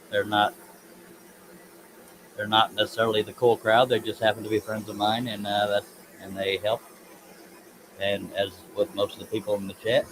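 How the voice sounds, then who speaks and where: A man with a fairly low voice chats loosely through a woodworking live stream, wandering off topic and poking fun at himself as he reads comments out. Clear background noise and buzzing insects sit under his voice in the workshop. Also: rough recording. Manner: rambling, self-deprecating, reads chat comments aloud. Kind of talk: casual live stream chat while working.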